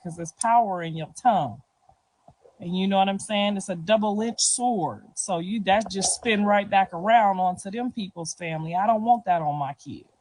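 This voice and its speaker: Heavy background noise surrounds this middle-aged woman, whose voice sits on the low side. In a relaxed street interview, she answers questions in slangy, easygoing talk, tossing in "you feel me" again and again along with quiet laughter.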